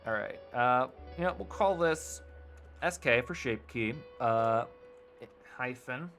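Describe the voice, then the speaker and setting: A man talking his way through a livestream tutorial at an unhurried pace, muttering as he works and dropping the odd swear. His pitch moves around a lot as he thinks aloud. Faint music plays behind him. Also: lively intonation, a bit bright. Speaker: streamer teaching 3D modeling.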